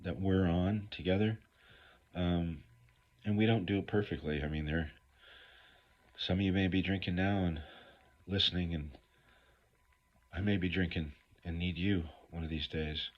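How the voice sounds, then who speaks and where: Deep husky middle-aged man, blunt and profane. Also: steady tone, normal speed, long pauses. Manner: blunt, profane, rambling storytelling. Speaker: recovery speaker. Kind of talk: candid recovery talk to viewers. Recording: dull lo-fi recording.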